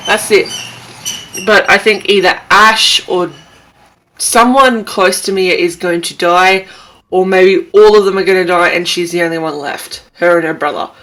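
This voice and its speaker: A young book vlogger chats casually in a reading vlog, rambling emotionally and gushing about a book. She has a lowish, slightly bright voice and an unhurried pace; the audio from her camera mic is poor, and she wears glasses.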